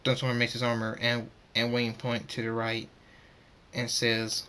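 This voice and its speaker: A man reading a fan story aloud, halting and repeating words as he goes. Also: medium pitch, monotone, pushed and bright, clear, resonant tone.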